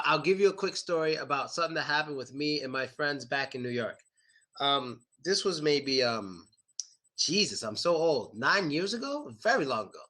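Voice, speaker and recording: A man teaching English in a casual lesson, telling a story in an animated, profane way and repeating key words. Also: a little high. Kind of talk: casual vocabulary lesson told through a story.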